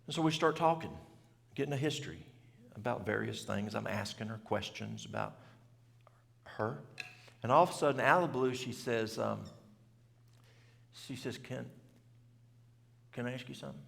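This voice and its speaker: Speaking in homespun country language, a middle-aged health seminar speaker recounts a story for churchgoers. His gravelly, fairly bright voice is medium in pitch, with a moderate pace broken by long pauses, and the church hall around him reverberates.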